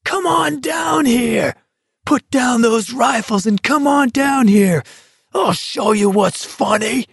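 A desperate young walker howls his defiance in a raw, gravelly shriek, as a male narrator puts him on. The voice is pitched far up, rough and breathy, and dragged out slowly. It sounds dry and close. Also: very animated, no echo, heavily acted. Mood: furious. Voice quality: raspy strained yelling. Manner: hoarse defiant shouting.

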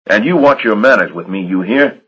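A man voicing a hot-tempered, blunt riverboat captain who talks loud and gruff. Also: fairly low pitch, expressive, a little fast, dull audio, voice pushed up. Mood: indignant. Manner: gruff, blunt, raises his voice.

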